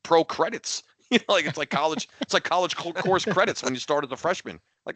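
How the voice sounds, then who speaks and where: A man's voice: a little high, big pitch swings, fairly quick, hardly any pauses, fairly bright tone, no room sound. A man co-hosting a podcast in casual sports chat, rambling and exasperated, with many restarts and repeated words. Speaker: podcast co-host.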